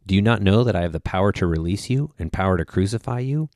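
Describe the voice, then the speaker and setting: A questioning Roman governor , read by a man, in a deep, measured voice. The lines come slightly raised and louder than the narration. The recording is dry and close. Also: lively intonation, dry recording.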